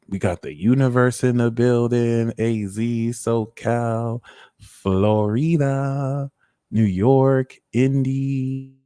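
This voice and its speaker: A man hosting a live tarot reading stream, chatting casually and giving shout-outs to viewers. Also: mid-range voice, smooth, no room sound, clean studio sound. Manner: shouting out viewers' locations, loose and slangy. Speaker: tarot reader hosting a livestream.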